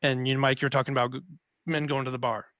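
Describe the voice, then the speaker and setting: A man of medium pitch talks through his point on a podcast. He is earnest and reasons it out step by step. The recording is dry and close. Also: little pitch movement, fast, a bit bright, no room sound. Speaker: podcast co-host. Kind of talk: casual chat.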